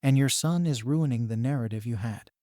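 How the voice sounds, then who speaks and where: A man's voice: mid-range voice, brisk, dark tone, no room sound, close to an everyday voice. A man voicing a bold young girl who coldly threatens an adult, in a dry, close sound. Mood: defiant. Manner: cold, defiant, threatening.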